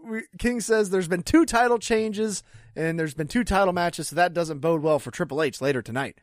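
Chatty man with a higher voice. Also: normal speed, dry recording, clean studio sound. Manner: chatty, lots of "like", frequent laughs. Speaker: podcast co-host. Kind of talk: casual chat recapping wrestling.

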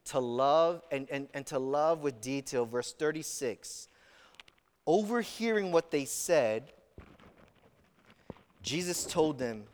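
A man's voice: a little high, long reverb tail. A man preaching a sermon as pastor, telling stories earnestly with frequent restarts.

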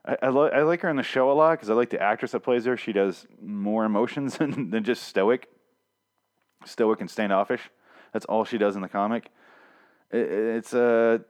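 A man casually recapping a comic series, rambling and swearing, with lots of restarts and fillers. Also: on the low side. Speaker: comic reviewer.

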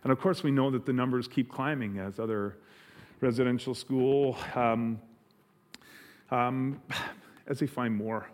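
Earnest halting pastor. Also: male voice, medium pitch, steady tone, a little mellow. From Canada. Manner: earnest, halting, many restarts. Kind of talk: sermon.

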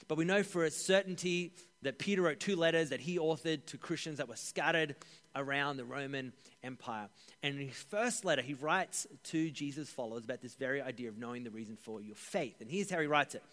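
A man preaching a sermon as pastor, with an animated delivery that rises for emphasis and drops to a hush on key points. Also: a little high, a little fast. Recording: echoey hall.

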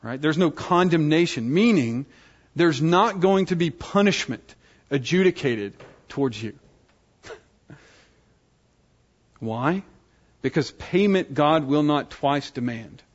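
A man delivers an earnest sermon, checking in with his hearers again and again. His voice sits a little high. The recording is dull and lo-fi. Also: animated, slow pace, pauses often. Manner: earnest, asks the audience "right?" often. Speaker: preacher.

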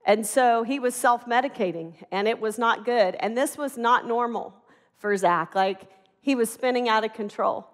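A middle-aged woman preaching a sermon in an animated, conversational way, acting out the voices in her stories. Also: a little high, moderate pace, long reverb tail.

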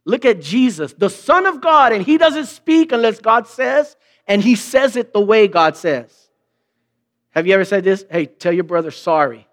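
Preaching in a conversational style, a pastor poses rhetorical questions and performs quoted remarks in mock voices. His voice is high and fairly bright, animated yet a little slow.

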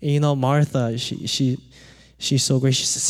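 A man's voice: mid-range voice, measured pace, long reverb tail. A man preaching a sermon, explaining scripture in a conversational way and often checking in with "right?". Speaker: pastor.

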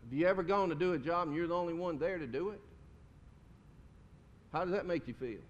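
A man's voice: fairly quick, highs cut off. A man preaching a sermon in a folksy, conversational way, asking his congregation questions. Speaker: pastor. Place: church sanctuary. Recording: reverberant hall with faint rumble.

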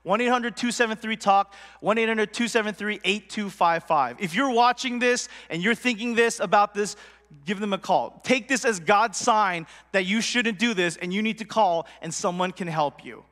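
A man's voice: sits high, normal speed, fairly bright tone, big-room sound. A man preaching a casual sermon as a pastor, earnest and conversational, with lots of "like" and "right?".

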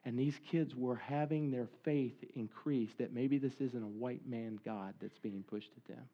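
A man's voice: mid-range voice, unhurried, highs cut off. A man giving a sermon as a conversational, earnest story, acting out quoted dialogue as he goes. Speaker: speaker at a church service.

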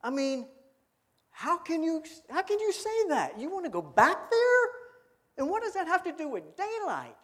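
A man's voice: sits high, huge pitch swings, very slow, few pauses, warm tone, husky, exaggerated voice. A man voicing an alarmed male disciple who protests in rising, incredulous questions.

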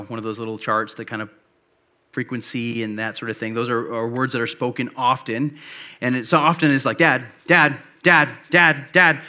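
A man's voice: mid-range voice, sharp tone. A man in his thirties, a pastor preaching a sermon in a loose, conversational way, telling stories with plenty of fillers. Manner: conversational storytelling with many fillers.

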